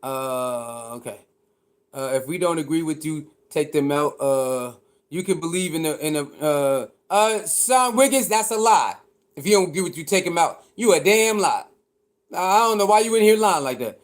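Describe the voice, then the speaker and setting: A man ranting in a casual, mocking and incredulous way, repeating himself, laughing, and jumping from shouts down to mutters. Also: fairly high pitch, animated, normal speed. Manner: mocking, incredulous, swings between shouting and mumbling. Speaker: commentator reacting to online critics. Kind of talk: animated casual rant.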